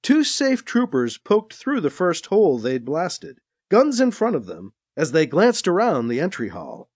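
An audiobook narrator reading an action story aloud in a lively storytelling manner. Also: mid-range voice, unhurried. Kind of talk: scripted narration.

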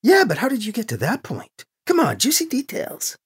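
A brash, quick-tempered young woman, as the narrator puts her on, voiced high above the narrator's own register, with pitch that leaps all over the place. Her voice is husky at the edges, and she teases and curses freely. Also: wildly swooping pitch, heavily acted. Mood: teasing. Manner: quick-tempered, swears, teasing.

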